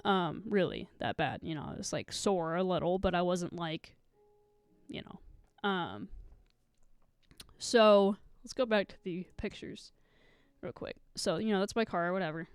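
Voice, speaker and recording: A woman's voice: on the low side, a little slow, smooth, no echo. A young woman streaming live, telling a rambling story to her chat, swearing a lot and close to tears.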